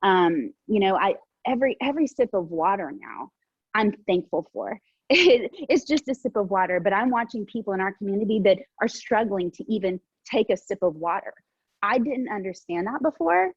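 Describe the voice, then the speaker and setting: A woman of forty speaking earnestly on a video call, laughing often and pausing on ums. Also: medium pitch, expressive, slightly rough, no room sound. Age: 40s. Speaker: panelist. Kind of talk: casual video call discussion. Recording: dull lo-fi video call audio.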